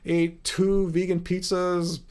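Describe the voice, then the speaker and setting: A man's voice: high voice, little pitch movement, takes it slowly, darkish tone, clean tone. A man hosting a live viewer Q&A, talking in an easygoing, rambling way with lots of fillers. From Los Angeles, USA. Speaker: livestream host. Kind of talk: casual live Q&A.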